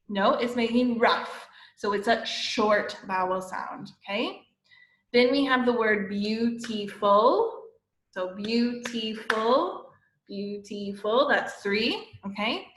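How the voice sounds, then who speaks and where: A woman teacher giving a lesson to young children, explaining slowly and patiently and often checking with "okay?". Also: mid-range voice, fairly bright tone. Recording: echoey room.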